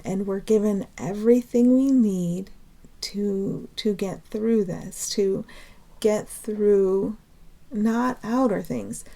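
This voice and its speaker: A woman's voice: mid-range voice, vocal fry. Emotional, earnest woman teaching spirit. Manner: emotional and earnest, laughs often between phrases; pleading, then calming herself down. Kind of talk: unscripted spiritual talk.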